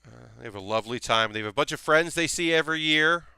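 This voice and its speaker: Chatty man streaming, crisp bright voice. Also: fairly high pitch, lively intonation, fast, no echo. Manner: chatty, reassuring, thinks aloud with restarts. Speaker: streamer building a model kit. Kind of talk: casual live-stream chat while building.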